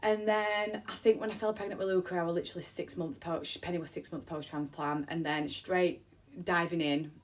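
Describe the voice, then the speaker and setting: This mother of three tells a personal story in a lowish, steady voice, talking briskly with hardly any pauses. She's emotional and close to tears, rambling heartfeltly and repeating phrases.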